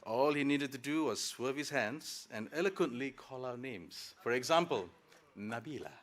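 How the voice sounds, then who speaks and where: At a graduation ceremony, a man in his thirties, a working professional, delivers a prepared student speech at a podium microphone. It's formal with light jokes sprinkled in, his voice mid-range at normal speed, with a bit of hiss or hum in the audio.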